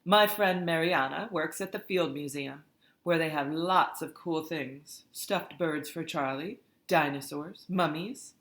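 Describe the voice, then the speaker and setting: A woman voicing a brisk, practical female caretaker in an audiobook, coaxing and teacherly as she organizes the children. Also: sits low, fairly bright tone. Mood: upbeat. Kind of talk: audiobook character voice. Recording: roomy echoey recording.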